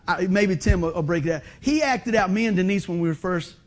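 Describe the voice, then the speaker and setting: A middle-aged man preaching a sermon in a folksy, animated way, acting out other people's voices. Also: high-pitched, a little fast, slight background noise. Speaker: pastor.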